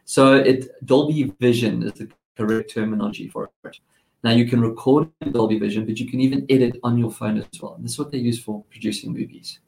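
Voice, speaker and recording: A man's voice: mid-range voice, fairly even intonation, quick pace, gravelly, a little mellow, rough recording. Male tech guest, keen and chatty, mid-range voice, self-correcting. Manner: enthusiastic, explains gadgets with restarts. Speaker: tech commentator. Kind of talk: casual radio chat.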